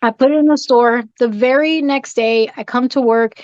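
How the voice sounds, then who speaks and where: A woman guest on a podcast, telling a spooky story in an animated, jumpy way and acting out her own scared reactions. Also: a little high, normal speed, no echo. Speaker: guest, shop owner and horror collector. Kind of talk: excited storytelling in a podcast chat. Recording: dull dry podcast audio.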